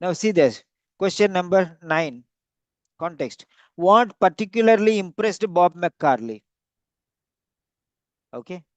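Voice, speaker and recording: A man's voice: high-pitched, lively intonation, slow pace, pauses often, no echo. A man giving a classroom lecture, repeating and stretching key words for emphasis. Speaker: English teacher.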